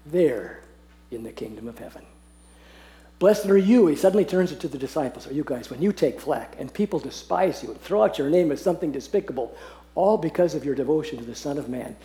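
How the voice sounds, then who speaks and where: A man teaching a Bible passage to a group, earnest and often laughing, slowing down to read verses aloud. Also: fairly high pitch, animated, mellow. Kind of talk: teaching talk on scripture. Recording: echoey room.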